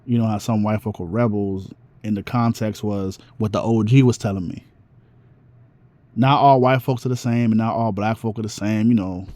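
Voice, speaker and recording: Mellow man rambling casually. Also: on the low side, steady tone, normal speed, no room sound. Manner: rambling, with restarts and slang. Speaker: vlogger. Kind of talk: casual monologue.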